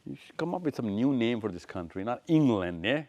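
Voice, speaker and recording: In an event room full of listeners, this man lectures live from slides, quizzing people by name and repeating phrases as he points along. His mid-range voice swings widely in pitch, moves fairly quickly, and is a little mellow, with no room sound in the recording.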